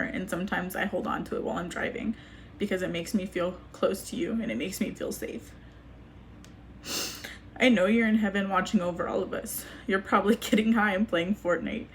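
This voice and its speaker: A young woman reading a personal letter aloud to camera, halting and grieving, with frequent restarts. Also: mid-range voice, slight background noise. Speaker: vlogger.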